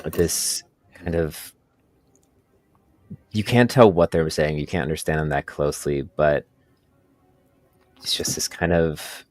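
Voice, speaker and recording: A man with a very low voice narrates a tabletop game, describing scenes in a loose, rambling way full of ums. The delivery is casual and unscripted. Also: slow, long pauses, no room sound, soft background music. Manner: rambling, descriptive, with many fillers. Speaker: game master.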